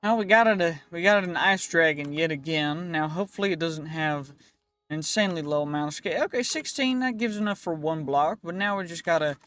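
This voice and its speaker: A man's voice: a little high, fairly quick, a bit bright, clean tone, dry recording. A young man chatting playfully and rambling as he narrates his modded game, dropping goofy phrases now and then. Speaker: gaming video creator. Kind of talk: casual Minecraft let's-play commentary.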